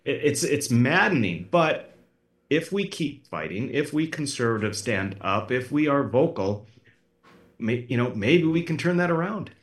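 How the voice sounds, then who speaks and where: A man's voice: medium pitch, big pitch swings, unhurried, roomy sound. A man as a political candidate guest in a podcast interview, talking emphatically and repeating words as he presses his points. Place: podcast studio.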